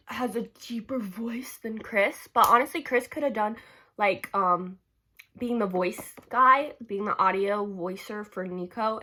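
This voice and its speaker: A giggly young woman chatting to camera about her favorite books. Her voice sits high and swoops all over the place, and it stays bright and sparkly. She gushes and rambles, dropping "like" into almost every phrase. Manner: giggly, gushing, heavy use of "like". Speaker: book vlogger. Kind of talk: casual rambling vlog.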